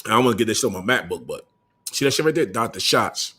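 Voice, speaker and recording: A man's voice: fairly low pitch, animated, fast talker, pushed and bright, breathy edge. A young man hosting a casual livestream, bantering loosely in slang, swearing and calling out to his viewers. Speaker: livestream host.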